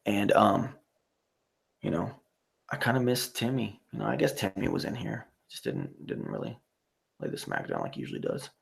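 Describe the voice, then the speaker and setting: Gravelly, rambling male stream host. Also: lowish voice. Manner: rambling, profane, many "you know" fillers. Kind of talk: casual live stream sign-off, reading chat.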